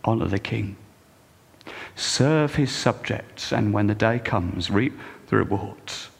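A male pastor preaching a sermon with wry, expressive delivery that swings from hushed to emphatic. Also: lowish voice, takes it slowly, creaky, slightly rough, long reverb tail.

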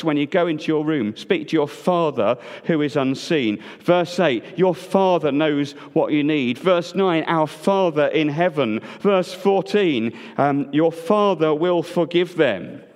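A man preaching a sermon, moving between emphatic lines and hushed, quiet passages. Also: expressive, a little slow, few pauses. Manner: swings between loud emphatic and hushed low delivery. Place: church. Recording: long church reverb.

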